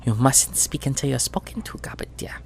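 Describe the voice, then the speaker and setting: A man whispers as a nasal, rusty, syrupy-voiced crime boss, a mean middle-aged woman who is sweetly menacing, in a tabletop game. His medium-pitched voice is expressive, brisk and gravelly with a breathy edge. The delivery is soft, purring and threatening, with small stumbles.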